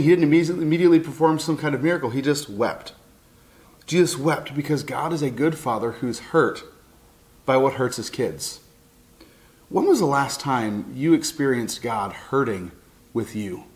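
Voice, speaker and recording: Middle-aged male pastor, earnest and heartfelt sermon delivery, slightly raised pitch. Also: a little mellow. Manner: earnest, heartfelt, with many restarts. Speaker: pastor and counselor.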